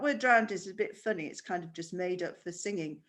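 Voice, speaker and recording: A woman's voice: on the low side, a little fast, hardly any pauses, a bit bright. A woman teaching a primary school music lesson online, patient and explaining step by step with questions.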